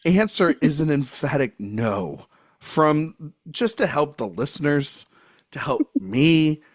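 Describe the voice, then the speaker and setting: A man's voice: a little high, very animated, takes it slowly, no room sound, clean studio sound. A man hosting a podcast in casual, joking chat, rambling and laughing often. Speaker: podcast host.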